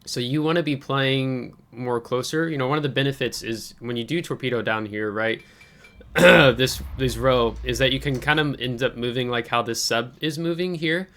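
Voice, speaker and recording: A man with a medium-pitched, fairly bright voice speaks at a normal speed, hosting a channel and coaching informally over a viewer's match. He breaks down plays hesitantly with frequent ums, coughing again and again.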